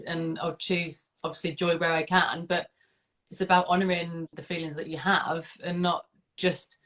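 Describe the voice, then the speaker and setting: Woman, interview guest, slightly low voice, chatty, emphatic, tag questions. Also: little pitch movement, normal speed, a bit bright. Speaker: guest, client. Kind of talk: casual interview chat.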